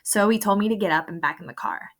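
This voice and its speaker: A woman reads a first-person novel as an audiobook, earnest and emotional. Her pitch sits in the middle for a woman. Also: quick pace, fairly bright tone. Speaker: audiobook narrator.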